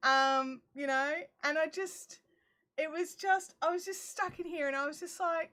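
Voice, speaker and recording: A woman tells a funny story to her livestream viewers from her craft shed, acting out what everyone said. Her voice sits high and sounds bright and forward. She talks casually and chattily through a phone. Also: moderate pace. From Australia. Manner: chatty and animated, acts out her own quotes.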